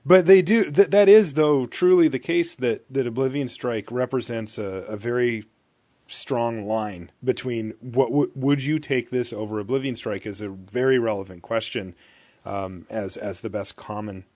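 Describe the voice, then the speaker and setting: A man's voice: mid-range voice, normal speed, warm tone, no room sound. A man co-hosting a podcast, leading a casual card-game chat and reading out card text. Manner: leads the discussion, reads out card text. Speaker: podcast co-host.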